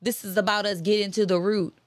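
A woman's voice: mid-range voice, fairly even intonation, fairly quick, dry recording, clean studio sound. Woman giving a preacherly, repetitive pep talk. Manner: repetitive, preacherly, conversational with slang. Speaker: motivational speaker. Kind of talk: impassioned motivational talk.

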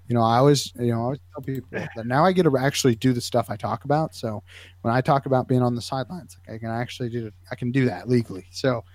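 A man telling sideline stories in casual podcast chat, animated and jumping into squeaky voices for the kids he describes. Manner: animated, acts out high squeaky kid voices in his stories. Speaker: podcast co-host, sideline medic.

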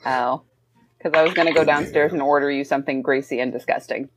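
A woman's voice: extremely low pitch, fast talker, noisy background. A woman playing a tabletop game, talking casually with a giggly manner. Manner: giggly, animated. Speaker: player.

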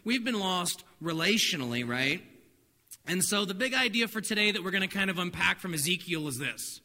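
Man, pastor, sermon, storytelling, high voice, long reverb. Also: brisk. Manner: animated storytelling with laughs and acted-out dialogue; drops soft and low for spiritual points. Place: church hall. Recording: reverberant hall, faint noise.

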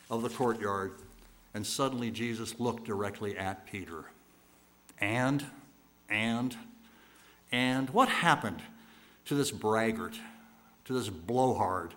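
A male preacher with a mid-pitched voice tells stories as a sermon. He builds with rhetorical repetition and swings between loud bursts and hushed, slowed lines. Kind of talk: dramatic sermon storytelling.

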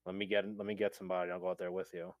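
A man's voice: low voice, level tone, very fast, dry recording. A young man telling a story in a casual chat, swearing freely, laughing often and acting out what people said. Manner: swears a lot, laughs often, acts out quotes.

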